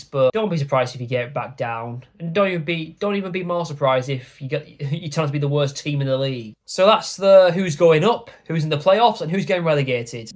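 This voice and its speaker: A young man from York, giving football predictions in a sweary, rambling, blunt rant. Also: mid-range voice. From York, England. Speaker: YouTuber.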